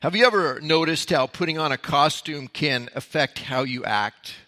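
A man with a bright, forceful voice that sits a little high for a man. He teaches a sermon in a relaxed, storytelling way. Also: normal speed. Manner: storytelling, conversational. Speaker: pastor. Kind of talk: sermon-style Bible teaching.

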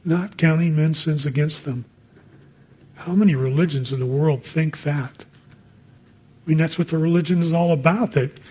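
A man's voice: fairly high pitch, darkish tone, slightly rough. A man preaching a sermon in a conversational way, reading scripture and adding casual asides.

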